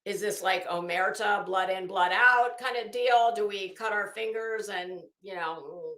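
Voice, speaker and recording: A woman's voice: mid-range voice, measured pace, a bit bright, reverberant. A woman hosting a casual live stream, chatting with viewers by name and swearing freely. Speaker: live stream host reading chat.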